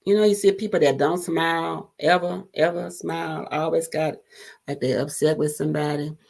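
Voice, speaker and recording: A middle-aged woman hosting an encouraging talk show, speaking gently and pausing with fillers and restarts. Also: low-pitched, fairly even intonation, gravelly. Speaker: host.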